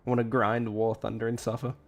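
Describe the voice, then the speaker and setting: A man's voice: mid-range voice, little pitch movement, quick pace. A tired man streaming and reacting to a clip, rambling and blunt in casual commentary, cursing freely.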